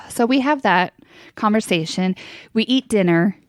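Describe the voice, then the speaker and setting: A woman's voice: medium pitch, lively intonation, measured pace, no echo. A woman in her thirties co-hosting a podcast, telling a story in casual chat, candid and swearing freely with frequent laughs. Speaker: podcast co-host.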